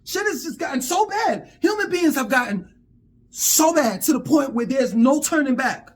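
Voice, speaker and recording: A man vents in a fiery, profane monologue and keeps tripping over repeated words. His voice sits high and leaps all over the place. He sounds worked up and blunt. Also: very animated, normal speed. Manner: heated, profane, stammering repetitions. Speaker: vlogger. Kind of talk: angry monologue rant.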